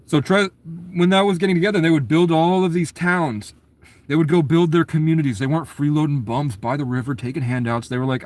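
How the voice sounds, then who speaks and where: A man's voice: fairly high pitch, fairly quick, a little mellow, no room sound. Man ranting in a rambling monologue. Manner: profane, conspiratorial rant, jumps between ideas. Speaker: documentary subject.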